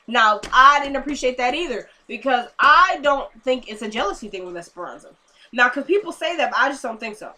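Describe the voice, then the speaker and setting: A young woman recapping a TV episode in casual chat, animated and talking straight to her viewers. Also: sits high, brisk. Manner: chatty, animated, addresses viewers as y'all. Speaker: TV episode reviewer.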